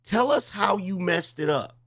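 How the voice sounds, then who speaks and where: A man's voice: high-pitched, lively intonation, a little slow, creaky, fairly bright tone. Mocking, incredulous male commentator. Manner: mocking, incredulous, repeats questions. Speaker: commentary host. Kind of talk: reaction commentary.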